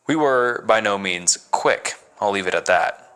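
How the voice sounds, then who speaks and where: A man reading a first-person horror story as narrator, measured and dramatic. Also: lowish voice, lively intonation, fairly bright tone, clear, resonant tone.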